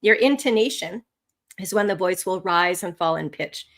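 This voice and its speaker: A woman instructor teaching a live online lesson, animated and expressive, with swooping pitch and frequent laughter. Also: moderate pace. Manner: laughs often. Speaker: language test instructor.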